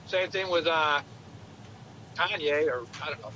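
A man with a high, sharp voice talks politics in a halting way, restarting his sentences again and again. Faint noise hums behind him. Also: low-quality recording. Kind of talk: casual political talk.

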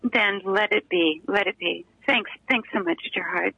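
A caller chatting warmly and graciously while saying goodbye to the host. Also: medium pitch, normal speed, gravelly, husky, no room sound, low-quality recording. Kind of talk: casual chat.

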